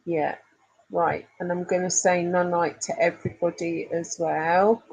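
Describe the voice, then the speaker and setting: A middle-aged woman chats with her live-stream viewers in an unhurried, low voice. She is affectionate and laughs often. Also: level tone, gravelly, darkish tone, husky, poor audio. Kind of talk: casual live chat reading comments.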